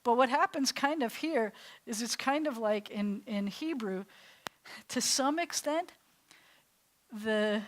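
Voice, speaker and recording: A middle-aged woman from New York, a rabbi teaching a Hebrew class in a chatty, animated way with frequent laughs. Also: a little high, takes it slowly, long pauses, a little hiss or hum. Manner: chatty and animated, often laughing between points.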